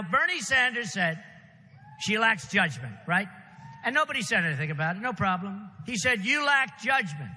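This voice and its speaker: A man's voice: high voice, pushed and bright, in a large hall. A man delivering a rambling, repetitive campaign rally speech with punchy asides to the crowd. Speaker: political candidate. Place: large rally venue.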